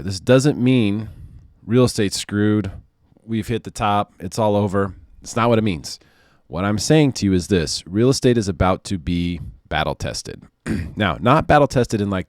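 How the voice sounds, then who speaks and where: A man, a mortgage loan officer giving casual market commentary in an animated, sarcastic way, repeating phrases for emphasis. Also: on the low side, no room sound, clean studio sound.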